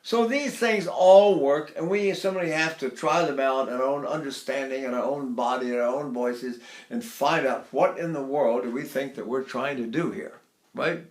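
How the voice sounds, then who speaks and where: An older man teaching vocal technique, stopping to demonstrate sighs and sung phrases. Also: normal speed. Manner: demonstrates by sighing and singing phrases high. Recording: echoey room.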